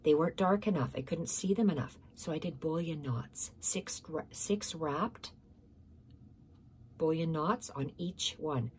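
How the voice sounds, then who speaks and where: A woman's voice: low-pitched, expressive, unhurried, a little mellow, a little hiss or hum. A woman hosting a casual stitching tutorial, explaining step by step, repeating measurements and correcting herself, sometimes dropping to a near-whisper.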